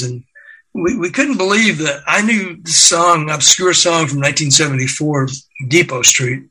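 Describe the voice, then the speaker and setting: An older man, a record executive, telling lively anecdotes as an interview guest, acting out the quotes and laughing along. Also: fairly high pitch, moderate pace, rough recording. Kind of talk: anecdotal storytelling.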